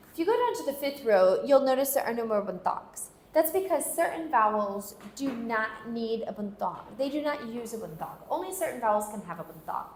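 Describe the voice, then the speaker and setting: A woman teaching a phonics lesson, patiently leading repeat-after-me drills and loudly over-enunciating each syllable. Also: a little high, a little hiss or hum. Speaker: language teacher. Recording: roomy echo.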